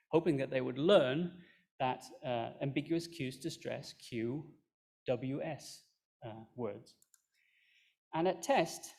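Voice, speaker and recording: A man presenting research findings at a conference, explaining in a relaxed way with fillers and dry asides. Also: mid-range voice, gravelly. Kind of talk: recorded academic talk.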